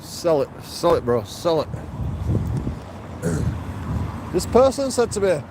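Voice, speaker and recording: Outdoors with traffic behind him, a man rambles profanely and slowly to his handheld camera, his slightly high voice very animated as he occasionally laughs to himself. He's a street video blogger, and street ambience is audible throughout.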